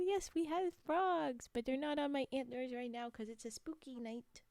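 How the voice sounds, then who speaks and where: A woman streamer chatting playfully with viewers during an ASMR stream, soft-spoken, often dropping to a whisper, and giggling a lot. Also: high voice, fairly even intonation, moderate pace, vocal fry, no echo, clean studio sound.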